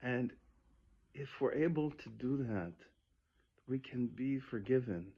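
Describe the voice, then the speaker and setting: A man's voice: medium pitch, slow pace, vocal fry, slightly rough. A man preaching a sermon built around a parable, earnest and conversational, often restarting his sentences, on a dull lo-fi recording.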